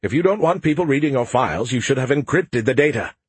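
A man's voice: medium pitch, animated, fast, husky, dry recording, pitched above the performer's own voice. A man voicing a cocky, boastful male alien AI in an audiobook, teasing everyone he talks to. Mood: smug. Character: smug male alien AI in a beer can. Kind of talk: audiobook character voice.

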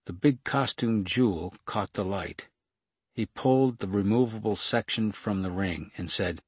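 Guy narrating an audiobook, steady, husky raspy voice, super dry close mic. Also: on the low side, measured pace, dry recording.

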